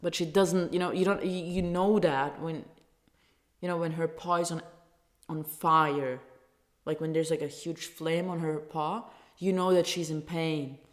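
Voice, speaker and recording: A woman vlogger from Turkey, a native Turkish speaker, rants angrily and casually in English, heated and profane, stumbling and restarting. Her voice is low with fairly even intonation, and she speaks unhurriedly.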